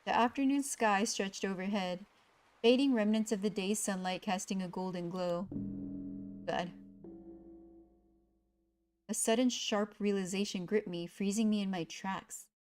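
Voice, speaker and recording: A woman's voice: mid-range voice, unhurried, long pauses, soft background music. A young woman streamer reading a visual novel game aloud, voicing its story with feeling and chatting between lines. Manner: expressive, voicing the inner monologue with rising panic.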